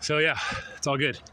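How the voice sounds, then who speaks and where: An older man with a head cold and a nasal voice, rambling in a casual walking vlog outdoors, often sighing and clearing his throat. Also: medium pitch, pushed and bright, slight background noise. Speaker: traveling vlogger. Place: outdoors, walking along roads and a river valley.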